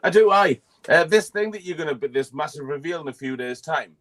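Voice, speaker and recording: A man's voice: a little high, lively intonation, fairly quick, fairly bright tone. A man guest on a fan live stream, teasing the host and laughing. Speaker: panel guest. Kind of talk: casual live-stream chat.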